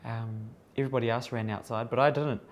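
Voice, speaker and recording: A man, a makeup artist recounting events in an interview with amused, lively storytelling. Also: mid-range voice, quick pace. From New Zealand. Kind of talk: recalled interview testimony.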